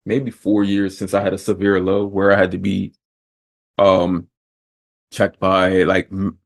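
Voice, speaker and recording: A man's voice: low-pitched, completely flat delivery, measured pace, creaky. A man hosting a podcast who talks in a thoughtful way and often restarts his sentences. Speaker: podcast host. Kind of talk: casual conversation.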